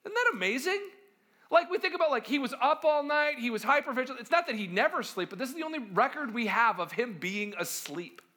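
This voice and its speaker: A male pastor delivering a sermon in a high, bright voice that rises and falls a great deal. He talks to the congregation conversationally, keeps checking in with rhetorical questions, and throws himself into acting out the people he quotes. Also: animated, fast talker. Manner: acts out quoted voices dramatically.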